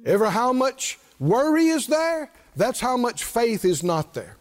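A pastor preaches with a high voice that climbs and falls widely. He pulls responses from the pews and rises to shouted lines. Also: wildly swooping pitch, measured pace. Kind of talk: sermon.

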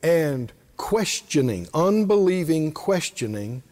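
A man preaching a sermon, drawing answers from the congregation and building to shouted lines. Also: a little high, big pitch swings, slow. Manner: preaching with call-and-response, rising to shouts. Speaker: pastor.

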